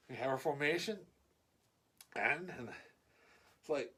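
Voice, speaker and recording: Animated man telling a story. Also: medium pitch, a little slow, husky. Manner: animated, swears casually. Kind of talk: casual storytelling.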